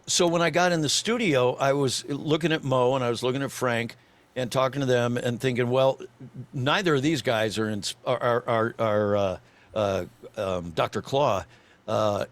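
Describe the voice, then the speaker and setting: An older man, a voice actor guest on a podcast, telling an animated story with lots of restarts and fillers. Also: medium pitch.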